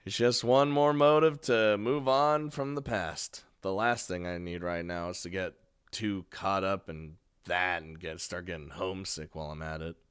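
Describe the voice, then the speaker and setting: Dude reading a visual novel out loud, cussing, smooth voice, dry mic. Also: male voice, low-pitched, no echo. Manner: casual, swears, laughs between lines. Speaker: let's play reader.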